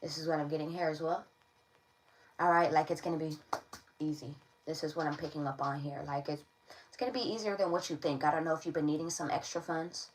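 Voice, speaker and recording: This tarot reader's voice is low and steady, a little fast, captured in poor audio. Reading casually for the camera, she keeps things playful and slangy, repeatedly checking in with "all right?"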